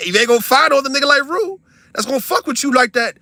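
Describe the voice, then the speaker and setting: A young man, ranting to his stream audience in a heated, profane, incredulous way, swinging from loud outbursts to low mutters. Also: lively intonation, fairly quick. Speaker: livestreamer venting to his audience. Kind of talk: heated casual rant.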